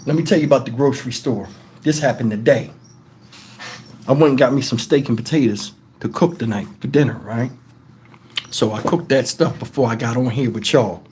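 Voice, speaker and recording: A man's voice: medium pitch, fairly quick, a little hiss or hum. A man hosting a live stream, telling casual profane stories and laughing along. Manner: animated, profane, laughs through his stories.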